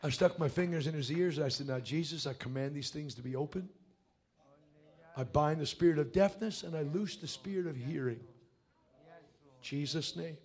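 High-voiced preacher, hushed to shouting. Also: male voice, moderate pace, pauses often. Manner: swings from hushed to shouting, colloquial and blunt. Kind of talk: revival sermon.

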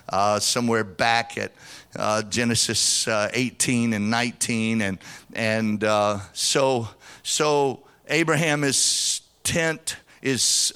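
A man's voice: mid-range voice, bright, forceful tone, clear, resonant tone. A middle-aged man preaching a sermon as pastor, fervent and sing-song, calling out to the congregation.

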